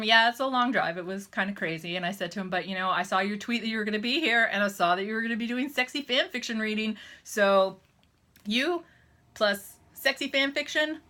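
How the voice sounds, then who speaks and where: Woman in her thirties from Canada, bright voice, chatty vlogger storytelling straight to camera. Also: medium pitch. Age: 30s. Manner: chatty, animated, acts out quoted dialogue.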